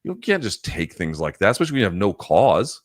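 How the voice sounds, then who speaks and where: Man, livestream host, very low voice, dry close sound, swearing, heated ranting. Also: sing-song, a little fast, no room sound. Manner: profane, heated rants with frequent filler and restarts. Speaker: live chat show host. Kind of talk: casual livestream chat answering viewer questions.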